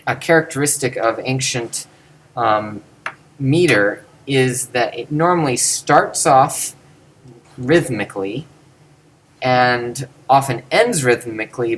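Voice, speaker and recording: A man's voice: medium pitch, fairly bright tone, low-quality recording. A man giving a screen-recorded lesson, patiently explaining step by step. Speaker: teacher explaining ancient Greek verse.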